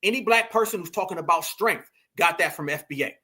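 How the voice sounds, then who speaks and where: High, bright-voiced man mocking a clip. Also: fairly quick. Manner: mocking, loud, slangy, often shouting. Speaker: commentary host reacting to clips. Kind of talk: heated reaction commentary.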